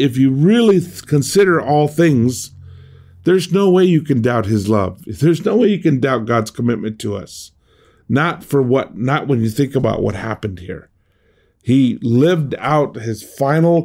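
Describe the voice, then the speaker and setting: Middle-aged guy preaching a sermon, earnest, keeps restarting and repeating himself, normal pitch. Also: warm tone. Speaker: pastor.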